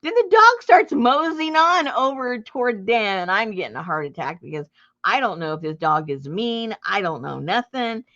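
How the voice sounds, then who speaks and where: A middle-aged woman telling a story to her viewers in a casual, animated way, breaking into laughter and loud acted outbursts. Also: medium pitch, normal speed. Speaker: junk journal crafter and channel host. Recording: dull lo-fi home recording.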